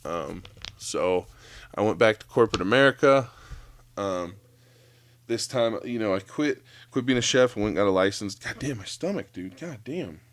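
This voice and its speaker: A man's voice: on the low side, animated, moderate pace, no echo. A man ranting casually on a solo podcast, profane and rambling, full of fillers and restarts. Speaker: podcast host; former chef.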